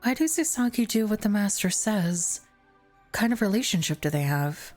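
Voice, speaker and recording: A woman streamer reading a visual novel aloud with casual, quick asides. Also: mid-range voice, animated, a little mellow, soft background music.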